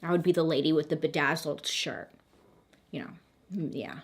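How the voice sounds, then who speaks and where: A woman with a slightly low voice talks through a true crime case in a relaxed, conversational vlog style. She drops dry, sarcastic one-word asides, and her voice is turning a little hoarse. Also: normal speed. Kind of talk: casual storytelling to camera.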